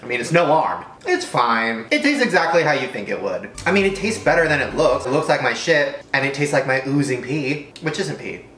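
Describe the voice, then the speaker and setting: A man's voice: mid-range voice, sing-song, brisk, hardly any pauses, fairly bright tone, reverberant. A man rambling crudely and swearing through a comedic food-tasting vlog. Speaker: vlogger.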